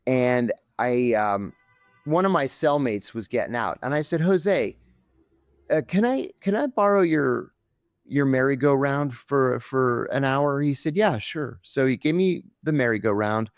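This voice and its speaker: A middle-aged man, a podcast guest, telling a story with lively acted-out quotes on a close mic. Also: medium pitch, unhurried, clear, resonant tone, no echo.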